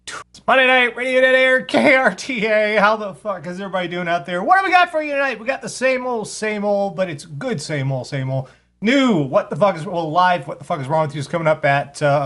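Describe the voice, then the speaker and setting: A man's voice: high-pitched, a bit bright. A man hosting a casual live radio show, rambling and sarcastic, swearing freely as he talks.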